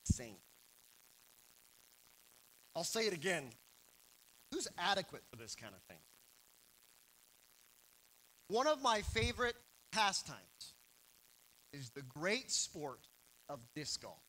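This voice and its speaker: A young man preaching a sermon, telling stories with animated, self-deprecating humor. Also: sits high, poor audio.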